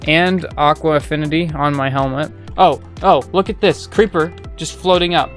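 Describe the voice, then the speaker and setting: A man's voice: a little high, normal speed, faint music behind. A young man giving casual, rambling commentary on his gameplay, joking and chatting with his viewers. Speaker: gaming streamer.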